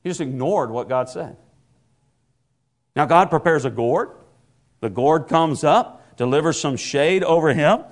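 A man preaches a sermon in a slightly high voice, stumbling through repeated words and restarts. He then builds into emphatic, ringing declarations. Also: a little slow, pauses often.

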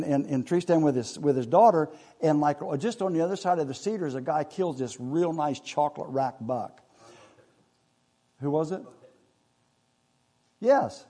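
A man's voice: fairly high pitch, mellow. A man, telling a rambling hunting story in a casual, folksy way with laughs along the way.

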